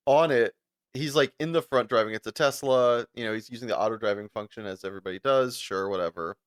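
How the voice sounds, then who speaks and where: A man's voice: fast, clean tone, no echo, studio quality. A man co-hosting a podcast, telling stories in casual chat, laughing often and acting out the people he quotes. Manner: animated, laughs often, acts out quotes in higher voice. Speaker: podcast co-host.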